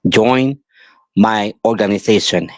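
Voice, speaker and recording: Male podcast host, angry emphatic monologue, unhurried pleading delivery, dry close sound. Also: on the low side, dry recording. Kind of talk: impassioned monologue.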